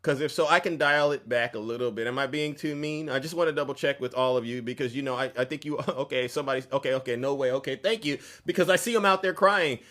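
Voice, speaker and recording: A man hosting a fiery political commentary show, mocking and preachy, shouting to drive his points home. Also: medium pitch, steady tone, fast, hardly any pauses.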